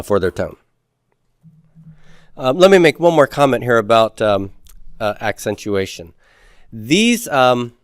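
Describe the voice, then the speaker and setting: A man's voice: medium pitch, clear, resonant tone, dry recording, studio quality. A man lecturing a class on Hebrew grammar, explaining step by step and asking questions that he then answers. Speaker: Biblical Hebrew teacher.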